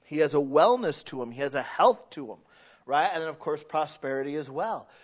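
A man preaching a conversational sermon, earnest and emphatic at times, hushed at others. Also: a little high, expressive, fairly quick, muffled recording.

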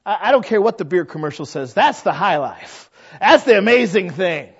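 A man's voice: high voice, big pitch swings, moderate pace, husky. A man preaching a chatty sermon as pastor, folksy and conversational. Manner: folksy, chatty, acts out quoted voices. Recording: dull lo-fi recording.

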